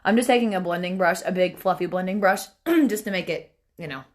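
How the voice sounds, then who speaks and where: A chatty young woman hosts a casual makeup tutorial over a phone livestream, talking to her viewers and to family nearby as she works. Her voice sits a little low for a woman. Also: a little fast. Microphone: phone camera.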